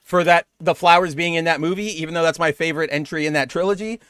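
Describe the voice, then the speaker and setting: Chatty high-voiced man, dry mic. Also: steady tone, quick pace, fairly bright tone, clear, resonant tone, no room sound. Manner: chatty, rambling with many fillers. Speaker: podcast co-host. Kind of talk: casual comic book discussion.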